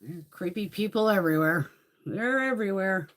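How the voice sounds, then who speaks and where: A woman's voice: mid-range voice, expressive, moderate pace. A woman hosting a casual beauty livestream, telling blunt, profane stories and laughing often as she chats with viewers. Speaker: beauty vlogger hosting a live haul stream. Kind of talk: casual livestream chat and storytelling.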